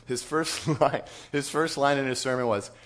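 A man on church staff telling a lively story to church leaders, chuckling as he goes. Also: medium pitch, normal speed. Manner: animated storyteller, chuckles through his story.

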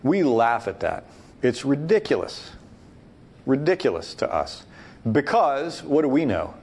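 A man's voice: medium pitch, lively intonation, normal speed, darkish tone. A man leading a Bible study discussion, talking emphatically and thinking aloud with frequent restarts. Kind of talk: teaching discussion.

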